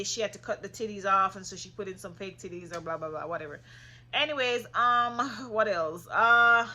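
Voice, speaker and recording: A woman with a slightly high voice casually recaps a reality show. She is sassy and opinionated, and she gets loud when her passion kicks in.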